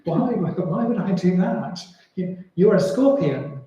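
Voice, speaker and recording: A man's voice: sits high, animated, measured pace, warm tone. A man voicing a wary male frog who refuses with stammering replies. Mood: suspicious. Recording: very echoey room.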